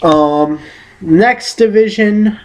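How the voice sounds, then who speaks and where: Man, casual vlog, unhurried delivery, rambling, self-correcting, playful outbursts. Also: high-pitched, slight background noise. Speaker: vlogger giving football predictions.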